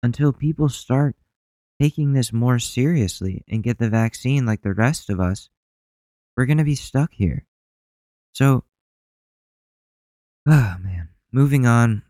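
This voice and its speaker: A man's voice: medium pitch, unhurried, pauses often, mellow, no room sound. A man hosting a solo podcast, talking bluntly and sarcastically with plenty of swearing. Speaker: podcast host.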